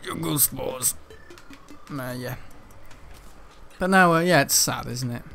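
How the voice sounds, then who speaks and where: A man giving rambling, chatty gameplay commentary, laughing often and breaking into excitable outbursts. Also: mid-range voice, takes it slowly, gravelly, soft background music. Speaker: gaming channel host.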